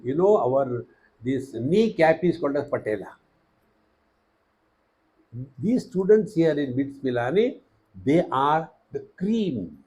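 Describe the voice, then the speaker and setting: A man with an Indian English accent giving a spiritual discourse, teaching through humorous anecdotes with quick bursts and slow emphatic phrases. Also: on the high side, big pitch swings, a little mellow, slightly rough, low-quality recording.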